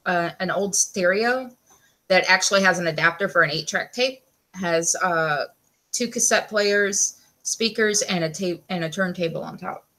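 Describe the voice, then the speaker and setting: A woman chatting casually, with quick asides. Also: lowish voice, pushed and bright. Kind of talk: casual chat.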